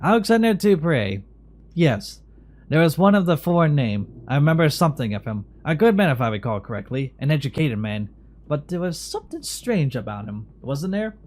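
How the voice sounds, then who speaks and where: A man's voice: a little high, very animated, moderate pace, a little mellow. A man reading the lines of a weary, long-serving asylum caretaker in a game.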